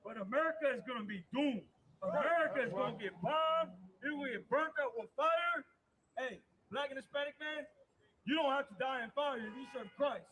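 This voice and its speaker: A man's voice: extremely high pitch, moderate pace, bright, forceful tone, slight background noise, low-quality recording. A man preaching with emphatic, repetitive delivery, calling out directly to his listeners. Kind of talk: street-style preaching on a live podcast.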